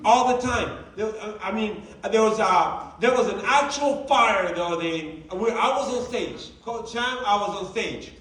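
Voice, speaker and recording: High-voiced man giving a motivational talk. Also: unhurried, few pauses. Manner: animated storyteller, acting out dialogue. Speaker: team leader giving a training talk. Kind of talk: motivational speech. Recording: roomy, distant sound with faint ambience.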